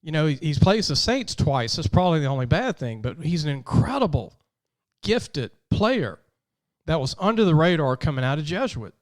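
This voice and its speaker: A man hosting a sports podcast in a chatty, casual way, often pausing with um and repeating words. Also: a little high, sing-song. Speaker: podcast host.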